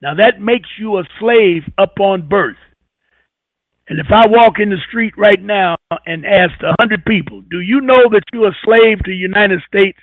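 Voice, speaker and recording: A man hosting a radio talk show, rambling and halting as he repeats words while searching for them. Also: sits high, no room sound. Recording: tinny phone-like radio audio.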